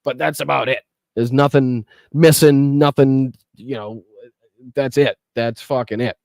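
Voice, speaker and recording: A man's voice: medium pitch, fairly even intonation, unhurried, vocal fry, darkish tone, dry recording, clean studio sound. A man hosting a political podcast livestream, talking bluntly and profanely while reacting to clips and greeting chat. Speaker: podcast host.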